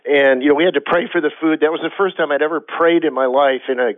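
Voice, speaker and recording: A man shares a long personal story on a radio talk show, earnest and rambling, often restarting his sentences. His voice sits a little high. It comes through thin and narrow like a phone line, with a dry sound. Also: fairly even intonation, fast, no echo. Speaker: guest.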